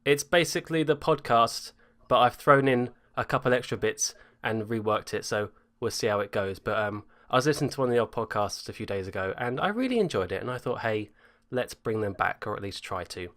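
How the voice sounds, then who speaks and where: A man hosts a casual group podcast over a voice call. He talks in a chatty, self-mocking way, and his voice sits at an ordinary middle pitch. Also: expressive, fairly quick, hardly any pauses, a bit bright. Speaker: podcast host.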